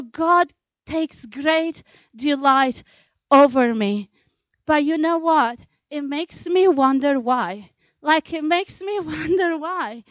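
A woman's voice: sits high, no room sound. A woman in her thirties preaching a sermon in a conversational way, with fillers and small laughs.

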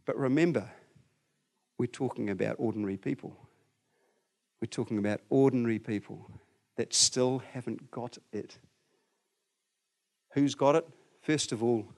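A man preaching a sermon, telling the story with lively voices for the people in it. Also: mid-range voice. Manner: animated storytelling, acts out voices.

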